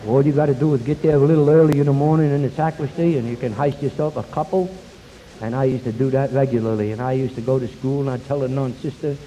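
A man's voice: mid-range voice, warm tone. An older man from New York telling his life story bluntly to an audience, speaking about recovery from drinking. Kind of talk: personal recovery talk to an audience. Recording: hissy recording in a reverberant hall.

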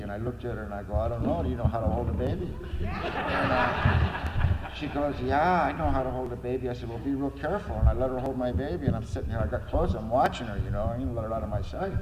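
A middle-aged man giving a personal recovery testimony, earnestly telling his story and acting out the dialogue in it. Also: mid-range voice. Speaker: recovery meeting speaker. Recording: echoey hall with noise.

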